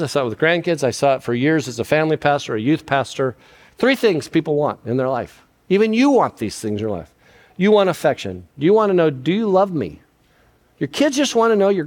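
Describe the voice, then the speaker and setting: An older man giving a sermon on parenting, sappy and self-deprecating, moving between loud emphasis and hushed lines. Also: medium pitch. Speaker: guest speaker on parenting.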